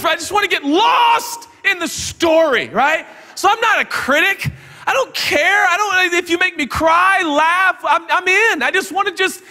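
A man preaching a sermon in a large church auditorium, with a high, bright voice that swings up and down constantly. He tells stories full of jokes and quick asides, and his words ring out with the long reverb of a big hall. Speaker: guest pastor.

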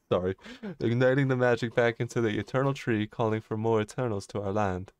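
A man's voice: fairly low pitch, fairly quick, darkish tone, smooth. A young man streaming a video game, giggling as he reads lore aloud in a made-up accent to friends. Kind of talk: casual gaming stream chat. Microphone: close desk microphone.

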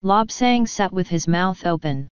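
A woman reading an audiobook in a calm, measured narration. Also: fairly low pitch, clear, resonant tone, no room sound. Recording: dull lo-fi audio.

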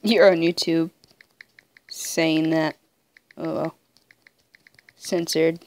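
A young woman commenting on her own online game play, muttering in frustration and breaking into high squealing shouts. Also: little pitch movement, drawn-out words. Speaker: gamer playing an online wolf game. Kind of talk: casual gameplay commentary.

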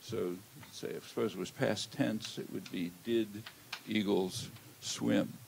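Older man lecturing, low gravelly voice. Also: fairly even intonation, darkish tone, a little hiss or hum, rough recording. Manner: measured, halting, many "uh" fillers. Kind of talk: academic lecture. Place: lecture hall. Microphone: handheld or lectern mic.

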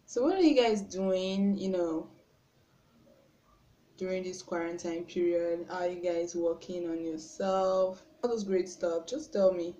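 A young woman with a Nigerian accent chatting through a makeup tutorial at home, self-conscious and often trailing off softly. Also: fairly low pitch, measured pace. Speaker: beauty vlogger. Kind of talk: casual makeup tutorial chat. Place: room at home. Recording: roomy with faint background noise.

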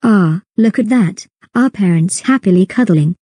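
A woman's voice: medium pitch, animated, unhurried, warm tone, breathy edge, dry recording. A woman voicing a kind, encouraging cartoon big sister.

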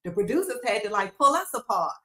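A woman's voice: mid-range voice, fast talker. A woman recounting reality show drama as a guest, animatedly acting out quotes. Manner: animated retelling with acted quotes. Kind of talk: casual interview storytelling. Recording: roomy echo.

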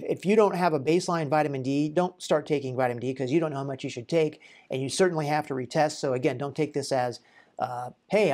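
A man's voice: a little high, darkish tone. Man explaining a case, conversational. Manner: conversational, rhetorical questions, frequent "uh" fillers. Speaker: chiropractor explaining a patient case. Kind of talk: informal educational talk to camera.

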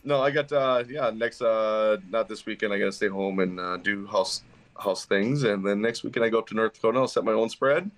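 A man talking in a relaxed podcast chat as a guest hunter, starting sentences over and stumbling through his thoughts. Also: on the low side, poor audio. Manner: halting, frequent restarts and fillers. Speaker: pro staff hunter guest.

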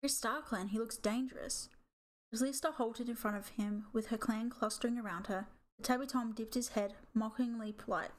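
Woman audiobook reader, fairly high voice, steady storytelling narration. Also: a little fast, hardly any pauses.

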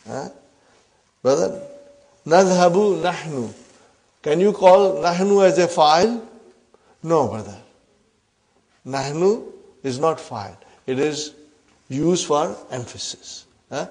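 A man teaching Arabic grammar in a classroom, speaking slowly and with a fairly high voice. He questions his students again and again and nudges them with "huh?" He calls the class brothers and sisters. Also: darkish tone.

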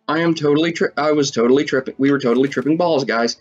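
A man giving casual commentary over a video game, excitable and swearing often as he talks to his viewers. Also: mid-range voice, fast talker, lo-fi sound, soft background music. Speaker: let's play gamer.

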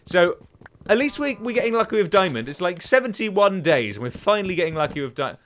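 A man's voice: high-pitched, sing-song, brisk, slight background noise. A young man hosting a let's play from home, rambling to himself and taunting enemies as he plays. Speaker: gaming channel host. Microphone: desk microphone.

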